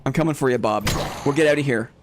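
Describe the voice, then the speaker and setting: A man calling out a live game stream in a loose, chatty voice at a middling pitch. He thinks out loud to his viewers, repeats short phrases and turns jumpy and excited when a fight goes wrong, with a faint hiss of noise behind him. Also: fast talker. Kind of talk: live gameplay commentary.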